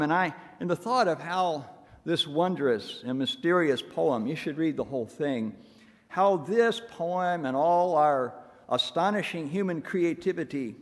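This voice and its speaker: Wry, self-mocking male minister in a hall. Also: a little high. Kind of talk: sermon. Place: church sanctuary. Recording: long hall reverb.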